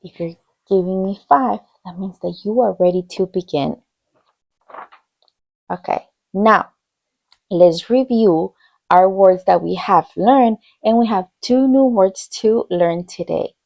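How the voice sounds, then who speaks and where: A bilingual teacher gives a slow classroom lesson to young children, reading words aloud in English and Spanish and repeating each with patient encouragement. Her voice is medium-pitched, slow and creaky, and the recording is muffled.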